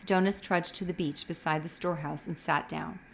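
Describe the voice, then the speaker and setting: A woman's voice: lowish voice, moderate pace, vocal fry, slight background noise. Woman reading a novel aloud. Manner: expressive reading with occasional slips. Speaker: reader.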